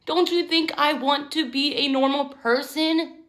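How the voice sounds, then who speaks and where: Emotional high-voiced woman vlogger. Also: steady tone, a little slow, a bit bright. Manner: candid, emotional, confessional. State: tearful at times. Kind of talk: emotional personal vlog.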